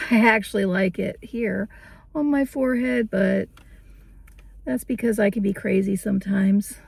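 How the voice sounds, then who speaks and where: A woman's voice: mid-range voice, unhurried, vocal fry, husky, no room sound. A woman hosting a casual vintage-shopping vlog, chatty and cheerful, often laughing as she talks. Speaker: vintage vlogger.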